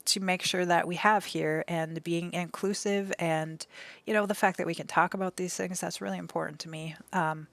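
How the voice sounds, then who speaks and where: A young adult woman streaming from home, talking in a gentle, emotional way with many fillers and restarts. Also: on the low side, fairly even intonation, moderate pace, vocal fry, no echo. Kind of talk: casual live-stream chat.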